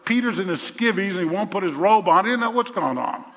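Bright-voiced older preacher in a hall. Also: male voice, high-pitched, fast. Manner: animated storytelling, acting out voices in quotes. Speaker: pastor. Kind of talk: sermon. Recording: echoey hall.

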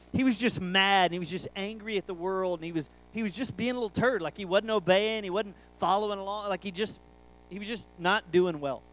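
A man's voice: high-pitched, clean tone, poor audio. A man, preaching a sermon through a rambling, jokey family story.

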